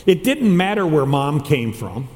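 A man's voice: a little high, sing-song, measured pace, a little mellow. A man who is a chaplain preaching a sermon, asking the congregation question after question and answering them himself. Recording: long hall reverb.

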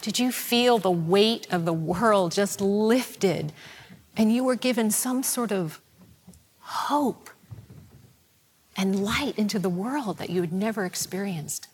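A woman preaching a sermon in a slow, reflective, prayerful way, her voice sinking toward a whisper. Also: mid-range voice, husky.

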